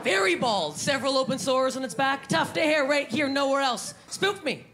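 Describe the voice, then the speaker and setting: Gravelly brash woman comic on stage. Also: high-pitched, animated, normal speed, music in the background. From Canada. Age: 30s. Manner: brash, self-deprecating, with loud shouted punchlines. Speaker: stand-up comedian. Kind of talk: stand-up comedy set. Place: comedy venue stage with live audience. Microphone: handheld microphone. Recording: live room with audience and background noise.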